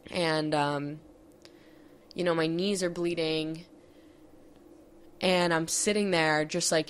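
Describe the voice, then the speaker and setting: Low-voiced young woman telling a story. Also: a bit bright, slight background noise. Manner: candid, emotional retelling with many fillers and swearing. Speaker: podcast host. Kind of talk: personal storytime.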